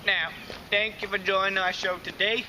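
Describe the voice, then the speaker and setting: A man's voice: high voice, little pitch movement, normal speed. A man anchoring a mock newscast, reading out items and sign-offs in a casual, jokey way. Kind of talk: mock news presenting. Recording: distant mic with loud hiss.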